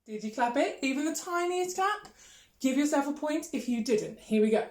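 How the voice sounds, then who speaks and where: A woman's voice: sits high, lively intonation, normal speed, reverberant, background noise. A woman teaching an online music lesson, encouraging and singing rhythms with her class. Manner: encouraging, sings and claps rhythms.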